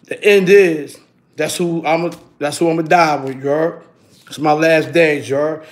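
A man's voice: on the high side, normal speed. A man, telling casual stories on his stream and tossing in "you heard?" all the time. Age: 50s. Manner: animated, keeps adding "you heard?". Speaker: YouTube streamer. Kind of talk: casual storytelling.

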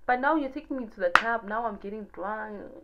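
A young woman from Namibia with a Namibian accent, giving sassy, animated dating advice to camera full of rhetorical questions. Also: on the high side, a little fast, highs cut off, heavy background noise. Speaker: YouTuber. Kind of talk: casual advice monologue to camera.

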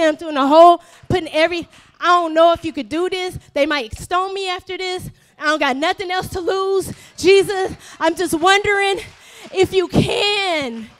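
A woman preacher voicing a desperate, unsure man with leprosy as he hesitantly begs to be healed, in a sermon. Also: very high voice. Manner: pleading, hesitant, restarts words.

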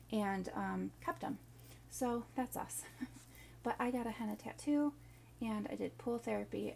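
Gravelly-voiced woman vlogger, rambling. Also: medium pitch, mellow, a little hiss or hum. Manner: rambling, emotional storytelling with many fillers. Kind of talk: casual vlog talk.

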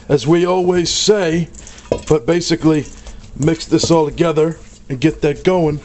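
A man's voice: fairly high pitch, fairly even intonation, unhurried, a little mellow. A man hosting a casual cooking demonstration in a kitchen, joking and bantering with his crew as he cooks. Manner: joking, brash, talks to crew. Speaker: cooking show host. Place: kitchen with grill.

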